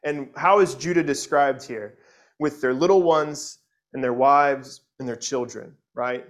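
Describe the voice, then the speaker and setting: A man's voice: medium pitch, unhurried. A man preaching an expository sermon, earnest, often repeating words and checking in with "right?", and reading scripture aloud with feeling. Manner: reads scripture aloud expressively. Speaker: pastor.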